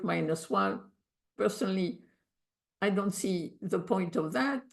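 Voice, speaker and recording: A woman with a French accent teaches meditation to an online group, working through ideas aloud with small slips in her English. Her voice sits somewhat high and moves at an unhurried pace. She sounds like she is talking into a video call. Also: creaky, darkish tone. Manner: reflective, thinking aloud, slips in English grammar.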